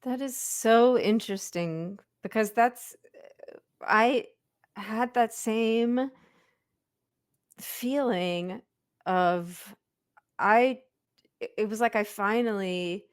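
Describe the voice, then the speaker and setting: A woman host speaks slowly and thoughtfully on a podcast. She pauses often and restarts her sentences while she searches for words. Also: on the high side, smooth. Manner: reflective, halting, with many restarts. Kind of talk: casual interview conversation.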